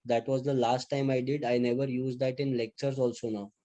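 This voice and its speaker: A man's voice: mid-range voice, a little fast. A man from Mumbai with an Indian English accent, a lecturer telling chatty anecdotes to his students in a casual classroom style. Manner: chatty, animated anecdotes with acted-out quotes.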